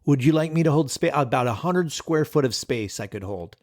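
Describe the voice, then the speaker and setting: A man talks through his solo podcast in a loose, playful way, giggling at his own jokes and restarting sentences as he goes. His voice sits at an ordinary pitch. The sound is close and dry, with almost no room echo. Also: lively intonation, fairly quick, darkish tone. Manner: playful, giggly, self-deprecating, jumps around mid-sentence. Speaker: podcast host and ADHD coach. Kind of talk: casual solo podcast talk.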